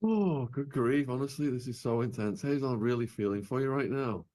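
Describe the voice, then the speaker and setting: A man's voice: mid-range voice, quick pace, dark tone. A man hosting an interview podcast, speaking sympathetically and sounding openly moved. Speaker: podcast host.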